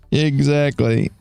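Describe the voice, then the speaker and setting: A man's voice: medium pitch, gravelly, darkish tone, dry recording. A tired man hosting a trading livestream, chatting casually, rambling and chuckling as he loses his train of thought. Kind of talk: casual chat.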